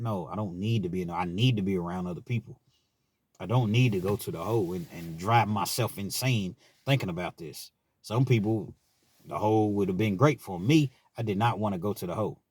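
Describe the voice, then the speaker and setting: Low-pitched Kentucky man, dry close sound, casually recounting prison life in a frank way. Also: brisk, darkish tone, husky, no room sound. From Richmond, Kentucky, US. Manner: laid-back, frank, often ending phrases with "man". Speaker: channel host telling prison stories. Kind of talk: casual storytelling monologue.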